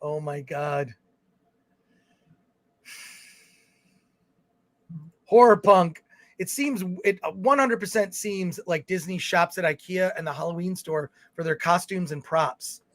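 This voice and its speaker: A man's voice: high voice, slow pace, long pauses, no echo. A man co-hosting a film review livestream, reading viewer comments aloud in casual chat with fillers and restarts. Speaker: film review show co-host.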